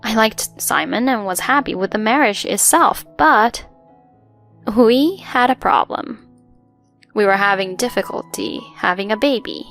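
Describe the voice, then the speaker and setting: A woman's voice: medium pitch, a little slow, vocal fry, a bit bright. A woman narrating a first-person story in an earnest, emotional way, with faint music behind.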